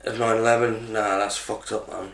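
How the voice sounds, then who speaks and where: A man's voice: fairly low pitch, flat delivery, normal speed, gravelly, fairly bright tone, roomy sound. A man co-hosting a podcast in casual chat, easygoing and trusting. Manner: easygoing, trusting, says "innit". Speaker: podcast co-host.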